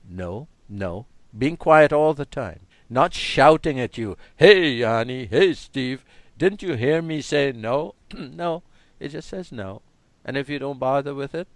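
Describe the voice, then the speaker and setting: A man in a reflective spiritual chat, talking in a slow, musing way and often dropping his voice to a quiet tone. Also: mid-range voice, no room sound. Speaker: co-host.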